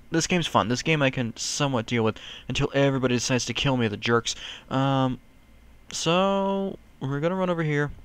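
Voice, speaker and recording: A man talks through a video game in casual, rambling commentary. He pokes fun at himself, breaks into quick excited yelps, and keeps up a friendly chatter. His voice is smooth and resonant, at an ordinary pitch. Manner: chatty, rambling, self-mocking, sudden yelps. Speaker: gaming YouTuber.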